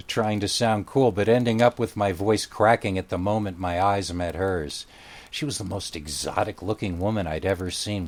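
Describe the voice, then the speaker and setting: A man with a somewhat low voice narrates a scripted scary story in the first person. His delivery is wry and conversational, easing into the suspense as if telling it to a friend.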